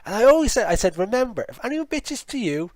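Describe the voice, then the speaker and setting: A man's voice: extremely high pitch, very animated, fast, no room sound. A man hosting a podcast interview who asks long questions and eagerly agrees with his guest. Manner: eager, affirming. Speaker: podcast host.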